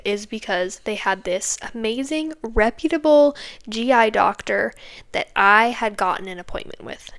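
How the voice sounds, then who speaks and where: Young woman, twenties, podcast host, casual rambling storytelling, lots of fillers, slightly high voice, smooth clear tone. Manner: chatty, rambling with many fillers and tag questions.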